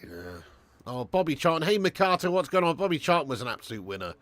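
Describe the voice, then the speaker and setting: A young man narrates a live football watch-along in a slightly high voice, talking fast with no echo. He swears, banters with energy, and reads viewers' comments aloud.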